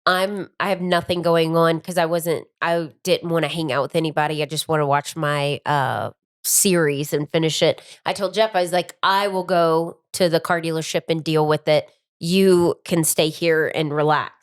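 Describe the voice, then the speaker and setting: A woman's voice: low voice, fairly even intonation, clean tone. A middle-aged woman co-hosting a casual podcast, teasing her partner and laughing easily. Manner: giggly, teasing, quick to laugh. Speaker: podcast co-host. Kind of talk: casual chat.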